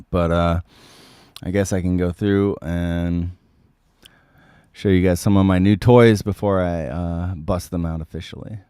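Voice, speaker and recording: A man with a very deep, mellow voice chats loosely through a livestream, his voice a little sick. He fills gaps with ums and keeps clearing his throat. The sound is dry and close. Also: no room sound. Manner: rambling, many ums, frequent throat clearing. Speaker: livestream host reading viewer comments. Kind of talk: casual livestream chat.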